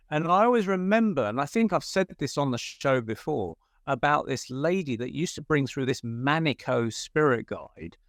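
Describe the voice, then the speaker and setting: A man guesting on an interview show, telling a story in an animated, chatty way with frequent fillers and self-corrections. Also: mid-range voice, no room sound, studio quality. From United Kingdom.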